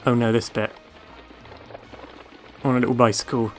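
A man's voice: medium pitch, little pitch movement, moderate pace, pauses often, soft background music. A man giving casual gameplay commentary, sarcastic, swearing freely and talking back to the game. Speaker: let's play gamer.

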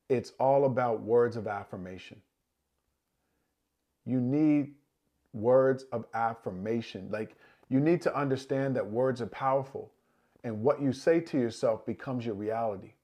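A man's voice: medium pitch, a little slow, a little mellow. A man coaching viewers in a motivational talk, earnest and encouraging, repeating key phrases. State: emotional at times. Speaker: life coach.

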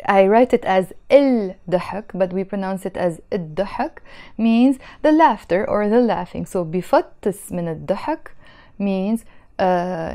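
A woman teaching spoken phrases, patiently repeating each one slowly and then at normal speed. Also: mid-range voice, a little mellow. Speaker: language teacher. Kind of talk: explaining vocabulary.

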